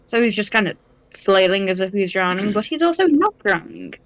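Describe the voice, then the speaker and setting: A woman's voice: medium pitch, sing-song, fairly quick, no room sound, rough recording. A woman playing a tabletop game, chatting playfully and swearing. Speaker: player. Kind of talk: casual chat in a tabletop game.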